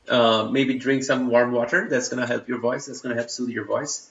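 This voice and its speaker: A young man with an Indian accent chats casually on a live stream, rambling through fillers and restarting his sentences. His voice sits at a middling pitch. The sound is roomy and a little dull. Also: fairly even intonation, normal speed, hardly any pauses, fairly bright tone. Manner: chatty, loose, full of fillers and restarts, reads chat aloud. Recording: roomy, slightly dull home stream audio.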